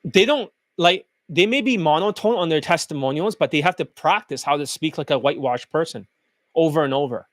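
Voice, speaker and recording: A man's voice: on the high side, animated, brisk, dry recording, clean studio sound. A man who coaches dating, talking in a blunt, crude and scornful rant. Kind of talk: profane ranting monologue.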